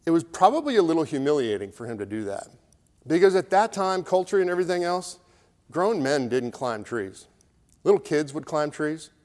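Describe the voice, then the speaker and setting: A middle-aged pastor delivers a conversational sermon built on storytelling, acting out the voices of a crowd. His voice is a little high and sing-song with a darkish tone, moving at a moderate pace, and a long hall reverb surrounds it.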